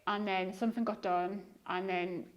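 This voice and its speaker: A woman's voice: mid-range voice, steady tone, normal speed. A woman in her thirties with a diluted Liverpool accent, chatting casually as a guest on a podcast, rambling with fillers and restarts. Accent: diluted Liverpool (Scouse). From Liverpool, England. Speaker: guest eBay reseller.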